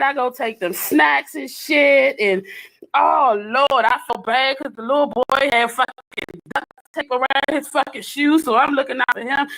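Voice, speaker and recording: A woman's voice: high voice, creaky, sharp tone. A woman recording a live phone video, furious and swearing constantly in an exasperated rant.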